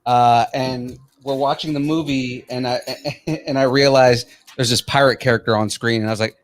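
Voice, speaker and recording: A man's voice: mid-range voice, fairly even intonation, normal speed. A man on a casual podcast stream, telling stories with frequent fillers. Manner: storytelling with hesitant fillers. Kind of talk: casual chat on a livestream.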